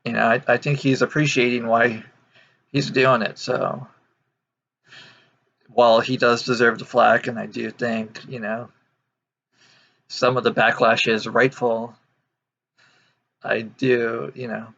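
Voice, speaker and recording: Rambling man with a gravelly voice. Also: medium pitch, flat delivery, slow, long pauses, fairly bright tone, highs cut off. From United States. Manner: rambling, many fillers and restarts. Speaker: video host. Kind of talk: casual opinion monologue.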